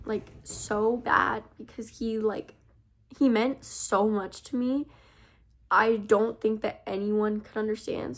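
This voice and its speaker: A woman's voice: on the high side, vocal fry. A teenage girl telling a personal story in a confessional vlog, rambling and full of "like" and "I feel like". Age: teens. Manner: rambling, heavy use of "like" and "I feel like". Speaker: vlogger.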